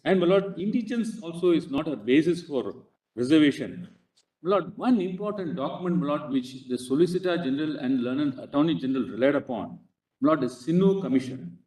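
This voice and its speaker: An Indian English-accented man argues before a court bench in a slightly raised voice. His phrasing is halting and insistent, nearly every clause punctuated with a respectful "Lord". He sounds echoey and roomy, as if picked up by a distant microphone in a courtroom. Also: a little high, lively intonation, mellow. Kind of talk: courtroom legal argument.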